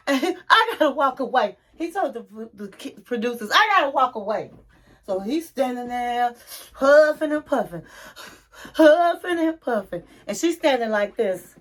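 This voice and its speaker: A woman with a high voice talks through a reality show episode in a loose, chatty way. She acts out the people's words with big jumps in her pitch, then drops into hushed, gossipy asides. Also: measured pace. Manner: animated retelling, acting out what others said with big pitch jumps. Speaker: reality TV recap YouTuber. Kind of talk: casual chat recapping a show.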